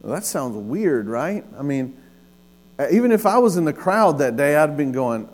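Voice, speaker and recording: Male pastor, fairly high voice, energetic storytelling sermon, faint hum behind. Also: normal speed. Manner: storytelling, animated with laughs and acted-out quotes.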